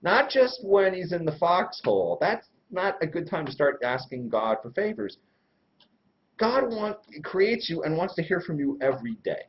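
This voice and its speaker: A man giving a casual religious lesson in a slangy, irreverent, animated way, full of everyday examples. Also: on the high side, moderate pace. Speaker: Torah teacher and host. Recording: dull lo-fi recording.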